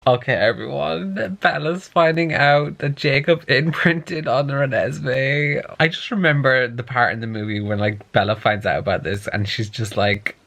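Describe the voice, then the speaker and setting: A man's voice: mid-range voice, steady tone, moderate pace, hardly any pauses, fairly bright tone, soft background music. A young man in a casual book-reaction vlog, chatty and campy, reading lines aloud with sassy asides. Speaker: book vlogger.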